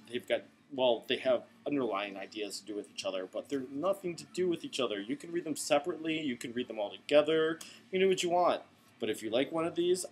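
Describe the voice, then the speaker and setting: A man's voice: mid-range voice, slight background noise. A man who runs a comic shop, reviewing comics in a chatty, rambling way late at night, tired but enthusiastic. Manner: chatty, enthusiastic, goes off on tangents.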